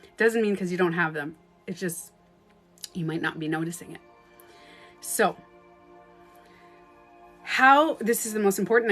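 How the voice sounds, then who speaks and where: A Canadian woman coaching in a casual livestream talk, swinging into sudden loud outbursts. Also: on the low side. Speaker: life coach. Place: at home, streaming live. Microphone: phone.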